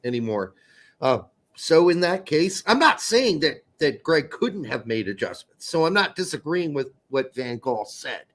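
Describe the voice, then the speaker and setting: A man co-hosting a podcast, chatting casually about a soccer match, animated and swearing freely. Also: fairly high pitch, measured pace. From Netherlands. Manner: animated, swears, acts out quotes. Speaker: podcast co-host. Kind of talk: casual sports chat.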